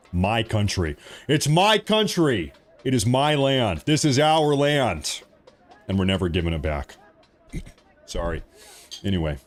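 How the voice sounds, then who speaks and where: An American man hosting a live stream, ranting emphatically and repeating himself. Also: medium pitch. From United States. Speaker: livestream host. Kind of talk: heated live-stream commentary.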